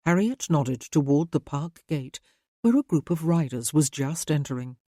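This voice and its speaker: A woman narrating a romance audiobook in a calm, measured way. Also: low-pitched, no echo, studio quality.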